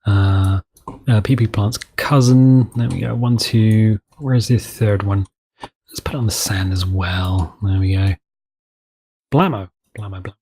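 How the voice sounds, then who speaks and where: A man's voice: lowish voice, steady tone, unhurried, warm tone, husky. A man giving rambling, self-mocking commentary while building in a game's map editor, now and then dropping into silly voices. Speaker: gameplay commentator. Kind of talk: casual let's-play commentary.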